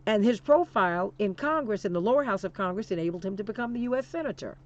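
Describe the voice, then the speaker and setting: A woman's voice: mid-range voice, lively intonation, fast talker, highs cut off. A woman hosting a political talk show, speaking with emphatic, preacher-like repetition and calling listeners "honey". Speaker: radio talk show host.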